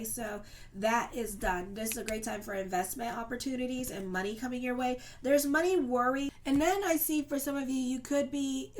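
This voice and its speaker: An astrologer and tarot reader with a slightly high voice does a casual tarot reading to camera, talking loosely and colloquially with lots of "okay" and "you know." She sounds earnest and reassuring as she addresses her viewers directly, with slight background noise behind her.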